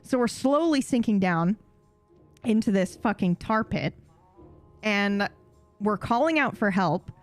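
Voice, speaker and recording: A young woman telling a story in a casual, animated way, swearing and acting out voices. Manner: animated, swearing, acts out voices with high yelps. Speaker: streamer.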